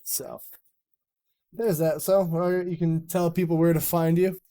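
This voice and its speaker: A man's voice: fairly high pitch, flat delivery, measured pace, warm tone. A man hosting a live stream chat in a rambling, jokey way, swearing often. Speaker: streamer and podcast host. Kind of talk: casual chat.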